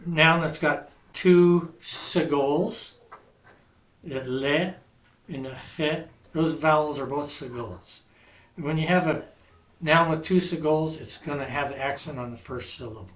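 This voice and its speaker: A man's voice: a little high, a bit bright, roomy sound. A man teaching a Hebrew class, patiently correcting students and explaining grammar step by step. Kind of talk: classroom language lesson.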